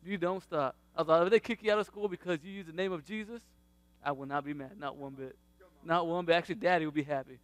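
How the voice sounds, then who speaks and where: Dad guy telling faith stories, high-ish voice, laughs a lot, dry close sound. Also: quick pace, dry recording. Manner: animated, laughs often, acts out quotes. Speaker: father sharing faith testimony. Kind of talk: casual testimony.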